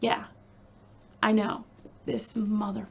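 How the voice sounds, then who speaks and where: A woman's voice: mid-range voice, flat delivery, slow pace, gravelly, a little mellow, lo-fi sound, slight background noise. A woman hosting a casual true crime video, talking in a chatty, emphatic way with frequent fillers and asides.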